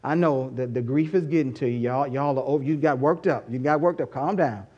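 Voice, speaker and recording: A man voicing condescending male disciples who soothe grieving women in a hushed, patronizing way. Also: a little high, very animated, drawn-out words, breathy edge, dull audio, pitched below the performer's own voice, heavily acted.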